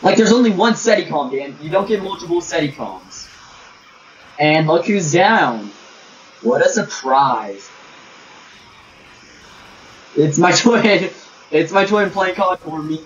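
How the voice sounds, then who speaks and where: Young male gamer, crude and bantering, slightly high voice; distant lo-fi mic with light hiss. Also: expressive, slow pace, long pauses. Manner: crude, joking, bickering with teammates. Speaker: gamer streaming with friends. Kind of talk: casual party chat over gameplay.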